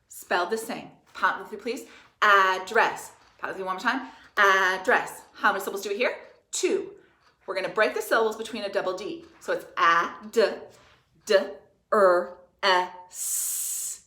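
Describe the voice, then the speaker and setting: A woman who teaches third grade, dictating spelling words slowly and clearly and spelling out each letter and syllable. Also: medium pitch, a bit bright. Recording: echoey room.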